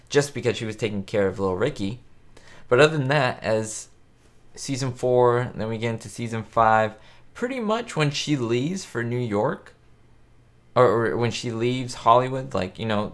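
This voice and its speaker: Guy on a live stream reading chat, kinda low voice, rambly and chatty. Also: vocal fry. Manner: rambling and chatty, many fillers and restarts. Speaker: host of a live chat stream about a classic sitcom. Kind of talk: casual live-stream chat, answering viewer comments. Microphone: facecam.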